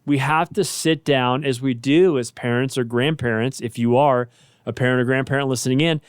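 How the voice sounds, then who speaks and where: A man's voice: medium pitch, steady tone, normal speed, smooth, no echo, clean studio sound. A man who is a pastor and co-host, speaking in a reflective, conversational way about finding purpose. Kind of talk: casual faith talk.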